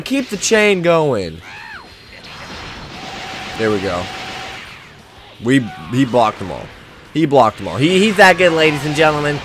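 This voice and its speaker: Male let's play host, animated, chatty, prone to frustrated yelling. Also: medium pitch, measured pace, pauses often, soft background music. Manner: excitable, swings from chatty to loud frustrated outbursts. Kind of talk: casual gameplay commentary.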